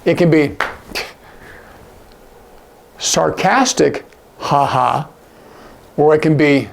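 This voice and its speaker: A man teaching sign language in a casual, animated way, acting out example lines with big jumps in his voice. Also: a little high, drawn-out words, vocal fry. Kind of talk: casual instructional talk.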